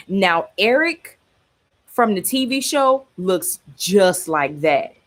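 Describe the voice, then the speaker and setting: A woman's voice: mid-range voice, animated, slow. A woman streamer reading comics aloud and reacting casually, chatty and profane. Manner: chatty, profane, laughs often.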